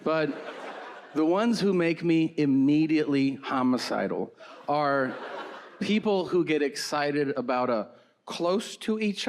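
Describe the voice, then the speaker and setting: A man doing a stand-up routine, sarcastic and exasperated, his voice jumping high in mock outrage. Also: animated, unhurried, a little mellow. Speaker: stand-up comedian. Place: comedy stage before a laughing audience. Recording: live show with clear crowd noise.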